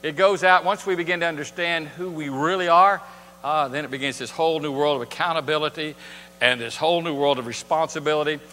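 A man's voice: fairly high pitch, brisk, sharp tone, a little hiss or hum. A man preaching a sermon in a church, talking conversationally and asking his congregation rhetorical questions. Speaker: pastor. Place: church sanctuary. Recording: long church hall reverb.

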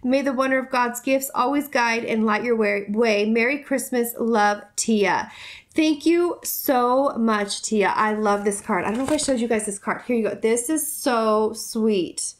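A woman's voice: fairly high pitch, measured pace. Gushing, effusive woman vlogger. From United States. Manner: gushing, effusive, repeats herself; soft, rambling with many fillers. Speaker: YouTuber opening viewer mail. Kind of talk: casual vlog chat.

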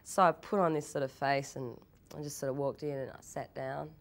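A young woman in an interview, telling anecdotes in a lively way, laughing often and restarting her sentences. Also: very deep voice. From Australia. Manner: animated storytelling, laughs often, quick repeated restarts. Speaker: actress interviewee.

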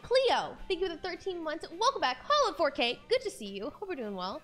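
A woman's voice: very high-pitched, very animated, brisk, fairly bright tone, faint music behind. A young woman streamer chatting casually from her room at home, bubbly and chatty as she thanks viewers by name. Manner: bubbly, chatty, reads viewer names aloud. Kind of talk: casual live-stream chat.

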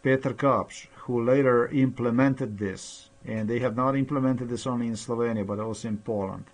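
A man in a rambling personal monologue, halting with many pauses and fillers, sounding aggrieved and accusatory. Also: medium pitch, fairly even intonation. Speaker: vlogger.

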